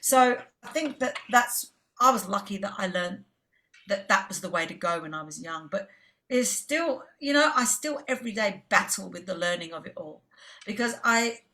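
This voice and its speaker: Middle-aged english lady singer chatting, bright clear voice, lively storyteller doing all the voices. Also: mid-range voice, moderate pace. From England. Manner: animated storyteller who acts out quoted voices. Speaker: jazz singer, guest. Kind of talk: casual storytelling interview.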